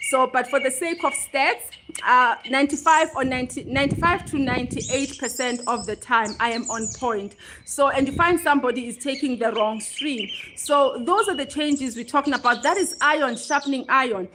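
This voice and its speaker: A woman with a high voice hosts a relaxed livestream. She chats to her viewers, reads out their comments and laughs easily at herself. A faint hiss of noise sits behind her. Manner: chatty, reads and answers viewer comments aloud; laughs easily, self-deprecating. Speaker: livestream host. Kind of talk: casual livestream chat.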